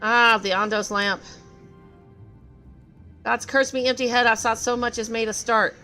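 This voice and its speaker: A woman reading game dialogue aloud as a gruff, self-loathing male craftsman who grumbles and curses in a rough dialect. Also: a little high, fairly even intonation, unhurried, sharp tone, faint music behind. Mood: grumbling.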